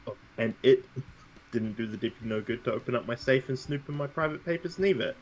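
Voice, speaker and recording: A man's voice: medium pitch, fast, a little hiss or hum, natural voice, low-quality recording. A man voicing a shifty saloon owner and con man, with a put-on Old West drawl, smug and evasive, in a murder mystery role-play. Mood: defensive.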